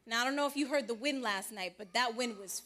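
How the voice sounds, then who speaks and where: A woman shares her testimony in church with a high, bright voice. She tells the story in an animated way, acting out what others said. Her voice stays clear and forward. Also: fast, slight background noise. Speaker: church member giving testimony. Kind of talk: personal testimony.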